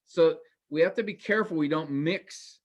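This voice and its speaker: A man teaching an informal class in a relaxed, conversational way, with many fillers and restarts and an earnest, cautionary tone. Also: fairly high pitch, moderate pace, muffled recording.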